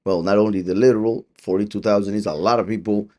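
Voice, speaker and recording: A man's voice: fairly low pitch, fairly even intonation, a little mellow. A man teaching a Bible study, explaining each point and asking listeners questions. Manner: explanatory, asks the listener questions, slows to stress numbers. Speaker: preacher.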